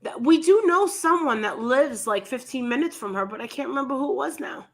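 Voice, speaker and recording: A woman hosting a casual commentary chat, talking in a blunt, animated and scornful way. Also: high-pitched, a little fast. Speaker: commentary channel host.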